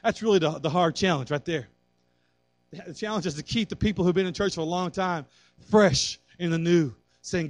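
A man preaching a fervent sermon as pastor, building to loud calls for prayer. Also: high voice, normal speed, no echo, soft background music.

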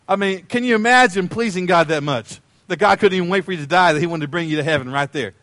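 Guy preaching, high voice, dry close sound, chatty and joking, says things twice. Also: quick pace, hardly any pauses, a bit bright, no echo. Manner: conversational, playful, repeats phrases. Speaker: pastor. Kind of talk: sermon.

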